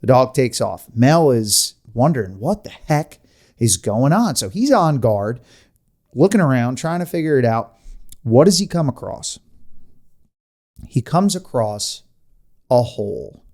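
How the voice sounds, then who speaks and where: A man hosting a podcast, telling a story in casual chat with animated delivery, rambling asides and frequent laughs. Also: mid-range voice, unhurried, pauses often. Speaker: podcast host.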